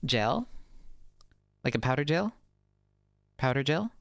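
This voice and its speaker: A woman's voice: rumbling low, big pitch swings, slow, creaky, dry recording, studio quality. A woman with a Mid-Atlantic American accent touched by Baltimore, chatting casually on stream while gaming and rambling as she answers chat.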